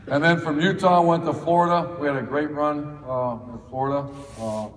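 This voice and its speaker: A man's voice: mid-range voice, fairly quick, recorded from a distance, slight background noise. Man telling stories in an echoey hall. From Ohio. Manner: folksy, anecdotal, many restarts and fillers. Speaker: football coach speaking at a clinic. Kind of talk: storytelling talk to an audience. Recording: echoey hall, faint ambience.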